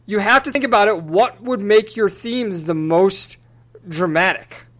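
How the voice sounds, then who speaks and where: A man's voice: sits high, a little slow, a bit bright. A man hosting a casual film podcast, talking through scenes analytically and acting out bits with energy. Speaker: podcast host.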